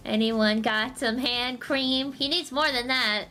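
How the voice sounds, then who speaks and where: A woman's voice: sits high, slow pace, hardly any pauses, bright, forceful tone, faint music behind. A woman streamer reading comics aloud on a casual livestream, tossing in joking asides and giggles.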